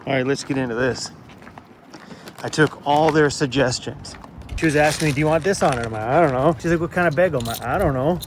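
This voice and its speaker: A man's voice: a little high, quick pace, a little hiss or hum. A Canadian man chatting casually and energetically in a vlog, joking as he goes. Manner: upbeat, jokey, energetic. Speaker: vlogger.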